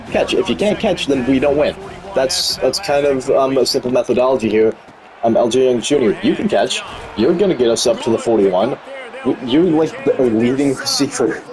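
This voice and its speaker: A man commentates his own football video game live, exasperated and self-mocking, pleading with his players to block and catch. His voice sits at an everyday pitch. A loud stadium crowd from the game roars behind him. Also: rough recording. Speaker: gaming commentator.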